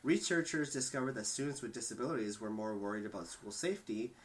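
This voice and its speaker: A man hosting a discussion who reads statistics aloud in a steady, measured way, with occasional small stumbles. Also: mid-range voice, rough recording. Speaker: podcast host reading statistics.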